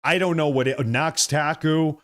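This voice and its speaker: A man's voice: a little high, unhurried. A man hosting a political livestream, reading viewer comments aloud and answering them in an emphatic, repetitive way. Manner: emphatic, repeats phrases, thanks viewers by name.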